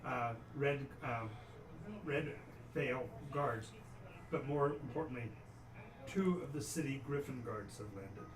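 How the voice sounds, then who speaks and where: A man's voice: mid-range voice, unhurried, crowd noise. A man running a tabletop game as game master, describing scenes with frequent restarts. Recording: echoey room, far from mic, noisy.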